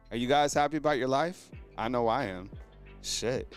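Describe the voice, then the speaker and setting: A man hosting a casual live sports show, talking excitedly in slang to his viewers, heavy on fillers and exclamations. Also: medium pitch, moderate pace, faint music behind. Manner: animated, exclaims and addresses viewers as fam. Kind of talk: casual live-stream commentary.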